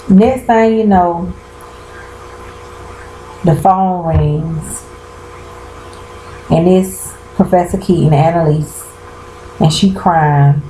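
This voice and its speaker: A woman's voice: fairly low pitch, mellow, roomy sound, a little hiss or hum, rough recording. A woman chatting casually to her viewers, calling them y'all and exclaiming as she recaps a TV episode. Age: 30s. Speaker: vlogger. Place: bedroom at home.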